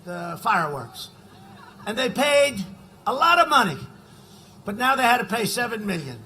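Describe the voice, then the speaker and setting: A man in his seventies speaks at a political rally, rambling through asides and then shouting out a line. His voice sits high and sounds bright and forceful. A faint noise runs under the podium mic. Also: sing-song, normal speed, poor audio. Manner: rambling, conversational asides, sudden shouted lines. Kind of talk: campaign rally speech.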